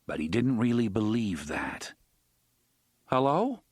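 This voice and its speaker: Male narrator of a dark fantasy audiobook, animated and close-miked in a dry booth. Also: medium pitch, moderate pace, dry recording. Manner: expressive, voices each character.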